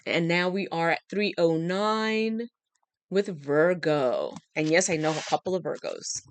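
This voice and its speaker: Coaxing woman tarot reader, low voice. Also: unhurried, noisy background. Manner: emphatic, coaxing, talks straight to the listener. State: dry throat. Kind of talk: channeled tarot reading.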